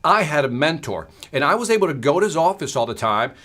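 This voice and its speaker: A man hosting a livestreamed sales lesson from his studio, asking the audience quick rhetorical questions as he goes. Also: on the high side, sing-song, fairly bright tone. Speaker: sales trainer and livestream host. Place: home studio.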